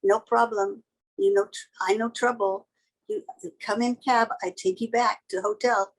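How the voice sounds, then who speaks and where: A woman voicing a male cab driver who speaks slow, halting broken English to calm a passenger. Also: fairly high pitch, lightly acted, rough recording. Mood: soothing.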